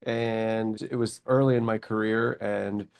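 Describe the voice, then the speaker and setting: A man in his forties, a company chief executive, telling his story in a casual interview with lively anecdotes and quoted thoughts. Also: on the low side, unhurried, creaky. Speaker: company CEO, guest.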